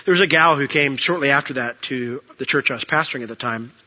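A man's voice: medium pitch, fast, bright, forceful tone, lo-fi sound. A man preaching from a church pulpit, telling personal stories earnestly with frequent restarts and closing in prayer.

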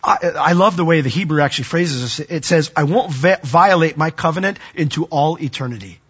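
A man preaching a sermon as pastor, animated, his voice rising for emphasis and dropping to a hush. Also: fairly high pitch, fairly quick, husky, muffled recording.

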